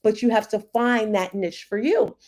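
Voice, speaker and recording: A woman in her fifties hosting a casual livestream, telling personal stories in a chatty, animated way. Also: fairly high pitch, moderate pace. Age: 50s. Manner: chatty, animated storytelling with laughs. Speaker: livestream host, confidence coach. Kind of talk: casual group livestream talk.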